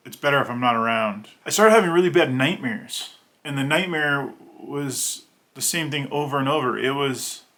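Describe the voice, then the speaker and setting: A man in his thirties with a bright, forward tone talks to the camera in a loose, rambling way. He slips into quick voices for the people in his stories, then drops back into easy, plain chat. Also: medium pitch. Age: 30s. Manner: rambling, conversational, acts out voices in anecdotes. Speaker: children's book illustrator. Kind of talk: personal storytelling to camera.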